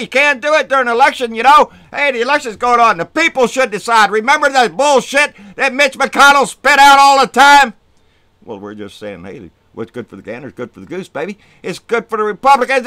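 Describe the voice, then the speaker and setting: A man's voice: fairly low pitch, no room sound. Fired-up profane man ranting. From Texas. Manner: profane, fired-up, swings between muttering and shouting. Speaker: political vlogger. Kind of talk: angry political rant.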